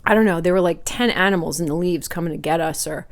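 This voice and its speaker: Woman food vlogger, lowish voice, rambling casual storyteller talking between bites. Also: fast talker. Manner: chatty, rambling, laughs while eating.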